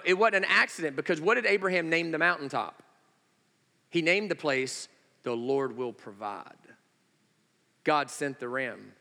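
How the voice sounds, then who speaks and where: Animated, bright-voiced man preaching in a reverberant hall. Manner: animated storyteller who swings between loud, high exclamations and slow, hushed emphasis. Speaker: pastor. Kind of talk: sermon. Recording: long reverb of a large hall.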